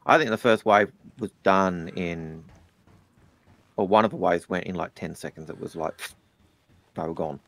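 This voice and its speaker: A man chatting about a video game in a measured, hesitant way. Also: low voice, fairly bright tone, dry recording. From Australia. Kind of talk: casual gaming chat.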